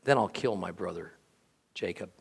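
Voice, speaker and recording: A man's voice: low-pitched, moderate pace, creaky, husky, voice pushed down, exaggerated voice. A man reading scripture aloud, voicing a grieving young man who was wronged as the firstborn, pleading and crying out. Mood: bitter. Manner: pleading, cries out.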